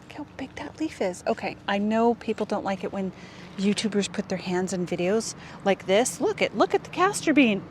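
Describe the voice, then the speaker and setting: Woman, gardening vlogger, excitable and wonder-struck, outdoor camera audio with faint background noise. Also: medium pitch, normal speed. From Canada. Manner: gushing, exclamatory, often drops to a hush. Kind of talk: casual walk-and-talk vlog.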